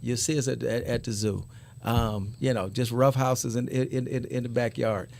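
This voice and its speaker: Middle-aged guy w a gravelly rasp, chatty guest rambling thru his answers. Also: mid-range voice, fairly even intonation, normal speed, a little mellow. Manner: rambling, repeats words while searching for thoughts. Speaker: guest author. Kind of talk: casual interview answers.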